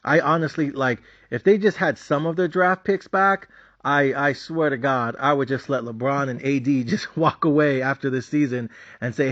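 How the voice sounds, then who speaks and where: A man's voice: mid-range voice, steady tone, normal speed, a bit bright. A man hosting a sports betting channel, ranting casually and bluntly about his team with a lot of profanity. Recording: dull lo-fi sound.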